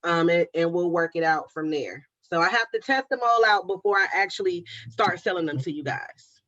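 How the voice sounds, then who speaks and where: This Oakland, California woman has a lowish, fairly bright voice with lively intonation and a moderate pace. During her craft livestream she reads viewer comments in casual chat, calling them baby and girl. There's no room sound, just dry, slightly dull livestream audio.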